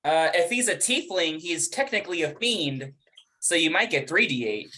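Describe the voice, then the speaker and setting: Excitable bright-voiced man, game player. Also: on the high side, normal speed. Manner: excitable, talks rules out loud. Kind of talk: tabletop game play.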